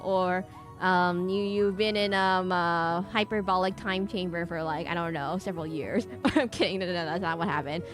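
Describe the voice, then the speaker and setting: A woman's voice: lowish voice, a little fast, soft background music. A woman streaming a video game, chatting casually in a rambling, giggly way with lots of "like" fillers. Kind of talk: casual gameplay commentary.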